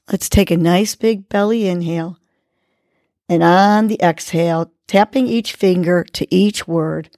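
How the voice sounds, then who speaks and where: A woman hosting a podcast, leading a breathing exercise and giving gentle, encouraging motivational words. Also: on the low side, no room sound. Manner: gentle, encouraging, slow and deliberate. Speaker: podcast host. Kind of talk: guided breathing and motivational talk.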